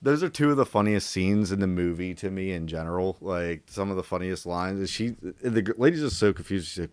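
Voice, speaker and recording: A man co-hosting a podcast, casually retelling film scenes in a rambling, animated way. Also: low-pitched, brisk, clean tone, no echo. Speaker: podcast co-host. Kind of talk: casual movie discussion.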